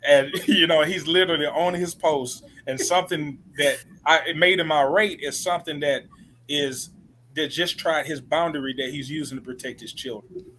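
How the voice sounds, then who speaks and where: A man's voice: fairly high pitch, fairly even intonation, moderate pace, a bit bright, slight background noise. A father as a guest in a live conversation, giving earnest advice.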